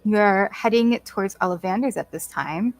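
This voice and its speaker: A woman narrating a tabletop role-playing game as game master, unhurried and hesitant, with many fillers and small laughs. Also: mid-range voice, soft background music.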